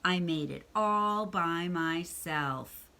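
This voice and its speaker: A woman voicing an excitable young boy frog in a read-aloud storybook, calling out loudly and eagerly. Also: lowish voice, very slow, gravelly, smooth, exaggerated voice. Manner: loud, eager calls.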